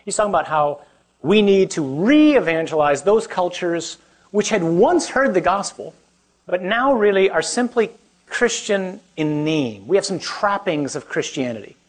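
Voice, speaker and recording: A man's voice: high-pitched, big pitch swings, unhurried. A man preaching as a parish priest, conversational and joking, often putting questions to his young listeners. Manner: conversational, self-deprecating, asks the audience questions. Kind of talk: humorous preaching to a young audience.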